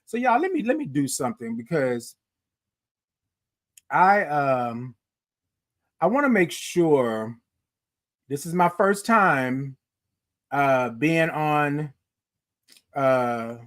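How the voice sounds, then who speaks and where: A man hosting a morning livestream from his phone, chatting with viewers, reading out their comments and stretching his good-mornings into long singsong calls. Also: fairly high pitch. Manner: animated, drawn-out singsong greetings, reads out viewer comments. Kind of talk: upbeat live-stream chat greeting viewers.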